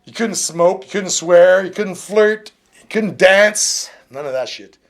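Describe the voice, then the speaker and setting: A man in his fifties from northern Ontario with a fairly high voice, chatting as a musician guest. He tells stories in a relaxed, easygoing way and swears casually. A faint guitar plays behind him. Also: unhurried. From northern Ontario, Canada. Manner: laid-back storytelling, casual swearing. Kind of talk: casual interview chat.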